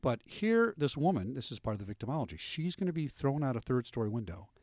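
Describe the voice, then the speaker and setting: A middle-aged man hosting a radio talk show, telling police stories with lively animated delivery. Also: medium pitch, fast, dry recording, clean studio sound. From United States. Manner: animated storyteller, acts out voices in anecdotes.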